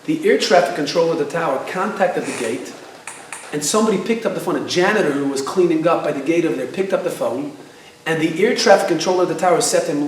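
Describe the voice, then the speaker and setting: A man giving a class, telling a story in an animated way and asking his audience questions. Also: on the high side, fast, a little hiss or hum. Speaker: lecturer. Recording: very echoey room, speaker far from the mic.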